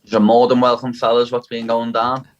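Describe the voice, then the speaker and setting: A man's voice: mid-range voice, completely flat delivery, normal speed, muffled recording, faint music behind. A young man from Liverpool with a strong Scouse accent, chatting bluntly as a podcast guest and calling everyone "lad". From Liverpool, England. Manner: blunt, swears, calls people "lad". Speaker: guest, fighter. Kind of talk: casual chat.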